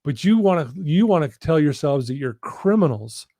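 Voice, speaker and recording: A man's voice: fairly high pitch, big pitch swings, mellow, dry recording, studio quality. A man, a personal-development coach, telling a story as a guest in a live interview, leaning hard on key lines. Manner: earnest, drawn-out emphasis on key lines.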